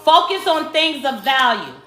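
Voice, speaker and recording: A woman from Brooklyn with a New York accent, giving a spiritual tarot card reading to her viewers in slow, emphatic speech that addresses them as the collective. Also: sits high, animated, a bit bright. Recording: echoey room with faint music.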